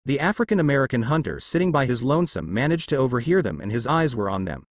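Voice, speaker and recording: A man narrating a fan fiction story in an expressive reading style. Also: medium pitch, fast, no room sound, studio quality.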